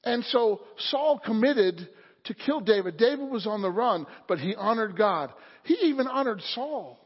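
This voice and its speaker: A man with a very high, husky voice preaches with fervor, often calling out for an amen. His sermon rings with the long echo of a church hall. The audio sounds dull and lo-fi. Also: expressive, normal speed. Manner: fervent preaching, calls for amen. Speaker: pastor. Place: church sanctuary.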